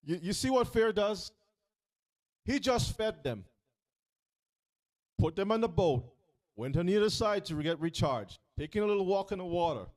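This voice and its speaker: Leading a scripture reading, a man with a high voice speaks at a normal speed and pauses often. He's animated, stopping frequently to pose questions and act out the story in different voices, like an interactive sermon.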